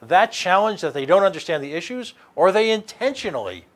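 A man's voice: high-pitched, big pitch swings, brisk. A man hosting a radio talk show, speaking animatedly with many restarts and sarcastic asides. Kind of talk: casual political talk.

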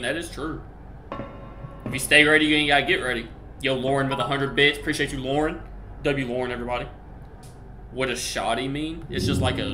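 Streaming a game from a desk mic in an echoey room with slight background noise, a young man chats casually in live-stream commentary, tossing out jokey slang asides. His voice is medium-pitched with a sharp tone.

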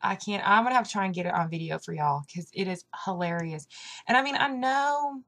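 A woman's voice: mid-range voice, lively intonation, a little fast, a bit bright. Chatty young woman with a country twang. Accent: American Southern country. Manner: chatty and rambling, with lots of fillers. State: hyper from caffeine. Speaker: vlogger. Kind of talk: casual chat.

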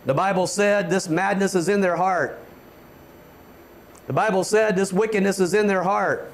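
A man preaching a fervent sermon as pastor, often stammering on restarts and building to shouts. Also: high voice, fairly even intonation, normal speed, slight background noise.

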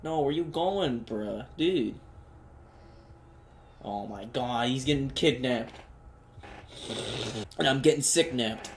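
A young man doing joking let's play commentary, reacting loudly and talking in slang. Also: mid-range voice, slow pace, long pauses, a little hiss or hum. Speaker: gamer.

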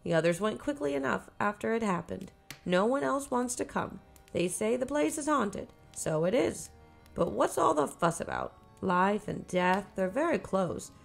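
A woman's voice: mid-range voice, sing-song, moderate pace, creaky, soft background music, heavily acted. A woman putting on a crazed, rambling old woman. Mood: brooding. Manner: rambling, brooding, eerie. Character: crazed old woman living in a derelict house.

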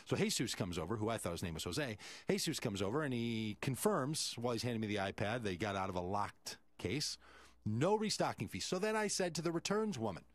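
A man's voice: medium pitch, big pitch swings, a little fast, dry recording. A male radio host, telling a story animatedly and acting out the quoted voices.

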